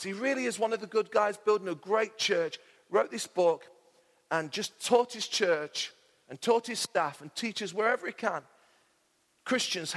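Male pastor, high voice, fervent sermon, church hall reverb. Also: fairly bright tone. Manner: fervent, jokey asides to the congregation.

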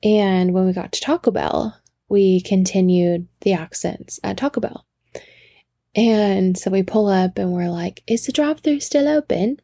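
A woman's voice: medium pitch, fairly even intonation, measured pace, vocal fry, mellow, no room sound, clean studio sound. A woman in her thirties, a podcast host, telling a rambling casual story and interrupting herself with asides. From Washington state.

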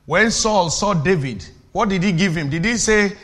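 A man preaches with a high, bright voice. His delivery is fervent and forceful, with questions thrown at the audience that build to shouted declarations. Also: lively intonation, normal speed. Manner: teasing, asks the audience questions. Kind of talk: sermon.

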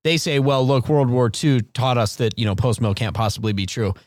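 A man in his late thirties talks through his thoughts in a reflective, easygoing way on a podcast. His voice sits at an ordinary middle pitch. The sound is dry and close. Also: brisk, darkish tone, dry recording. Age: 30s. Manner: reflective, conversational, with some repeated words. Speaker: podcast co-host. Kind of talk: casual discussion.

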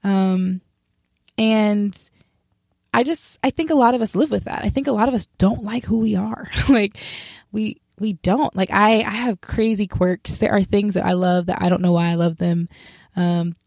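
A woman's voice: medium pitch, moderate pace, dry recording, clean studio sound. Candid young woman sharing her faith story. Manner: candid and self-reflective, acts out remembered dialogue; straightforward, describes herself as sharp. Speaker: speaker sharing a personal faith testimony. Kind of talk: casual spoken testimony.

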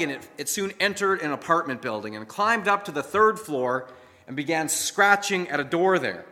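A man preaching a sermon as pastor, praying and then telling a story in an animated way that acts out the quoted lines. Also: fairly high pitch. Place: church sanctuary. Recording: long hall reverb.

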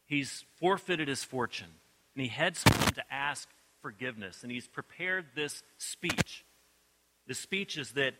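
A man preaching a sermon, telling a story expressively and shifting between soft, low passages and emphatic ones. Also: unhurried. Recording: clicking noise in the background.

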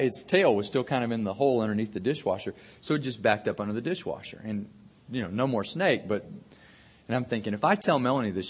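A man giving a sermon as a folksy personal story, with plenty of fillers and asides. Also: fairly low pitch. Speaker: preacher.

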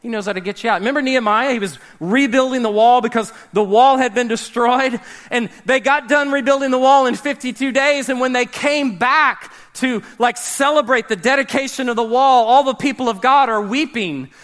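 High, bright-voiced male preacher. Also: moderate pace. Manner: animated, dramatic swings between loud emphasis and hushed drops. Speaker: pastor. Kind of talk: sermon.

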